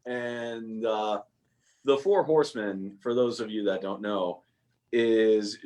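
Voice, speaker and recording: A man's voice: on the low side, takes it slowly, a little mellow, slight background noise. A young man chatting as a guest on a video call, telling stories and laughing at himself. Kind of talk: casual video-call chat.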